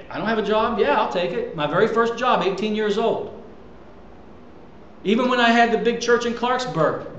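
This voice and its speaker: Pastor, male, higher-pitched voice, emphatic conversational sermon delivery, reverberant church room. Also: a bit bright, highs cut off, a little hiss or hum. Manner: emphatic, conversational preaching with rhetorical questions. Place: church sanctuary.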